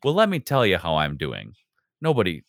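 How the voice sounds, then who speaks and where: A man's voice: low voice, wildly swooping pitch, moderate pace, creaky, no room sound, clean studio sound. A man chatting casually as a podcast host, acting out everyday exchanges in little voices. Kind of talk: casual conversation.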